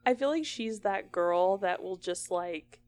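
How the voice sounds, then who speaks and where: A woman's voice: mid-range voice, lively intonation, unhurried, darkish tone, clean tone. A young woman co-hosting a podcast, telling stories in an enthusiastic, chatty way. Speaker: podcast co-host. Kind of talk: casual chat.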